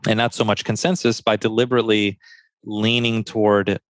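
A man's voice: lowish voice, little pitch movement, brisk, no echo. A man speaking enthusiastically and agreeably in a casual podcast discussion. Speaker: podcast guest expert.

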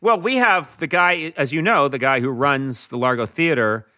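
A man chatting casually as a guest, telling lively anecdotes. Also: mid-range voice, normal speed. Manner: animated storyteller, slips into Irish voices for laughs. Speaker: talk show host, guest.

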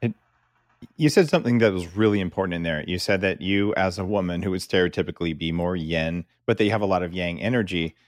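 Very deep-voiced man hosting a podcast. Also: fast, no echo, clean studio sound. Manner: casual, direct, reflective questioning. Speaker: podcast host. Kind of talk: conversational interview.

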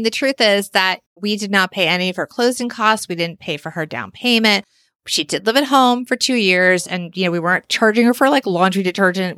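A middle-aged woman in casual conversation, telling animated stories and acting out what others said. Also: medium pitch, dry recording, studio quality. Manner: animated storytelling, acts out quoted voices. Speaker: podcast host and author. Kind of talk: casual chat.

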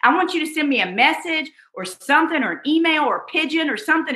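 High, bright-voiced woman teaching with emphasis. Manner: emphatic, repeats phrases for effect; addresses listeners fondly and directly. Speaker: online course instructor. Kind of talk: motivational teaching talk. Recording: roomy echo.

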